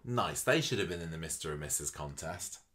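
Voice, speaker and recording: A man's voice: extremely low pitch, expressive, a little fast, fairly bright tone. A man co-hosting a podcast, chatting casually about soap episodes with wry asides and tag questions. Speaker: podcast co-host. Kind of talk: casual chat recapping a soap.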